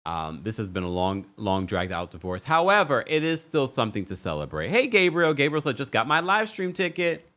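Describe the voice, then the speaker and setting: A man's voice: medium pitch, big pitch swings, brisk, few pauses, sharp tone, slight background noise. A man hosting a livestream who chats and gossips about a reality show, reads viewer comments aloud and laughs often. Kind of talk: casual reality TV recap commentary.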